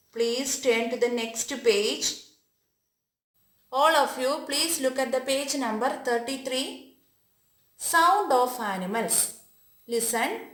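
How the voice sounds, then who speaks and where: Slow, bright-voiced woman teacher dictating. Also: sits high. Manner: slow, deliberate dictation, repeating each word. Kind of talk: online class for young children. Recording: echoey room.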